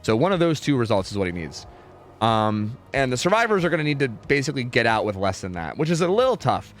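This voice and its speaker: A young man casually casting a game match on his stream, talking through strategy with lots of "like" and "right?". His voice sits at an ordinary middle pitch. Faint music plays underneath. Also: big pitch swings, fast. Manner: chatty, many fillers, reads chat aloud. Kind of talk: casual live commentary.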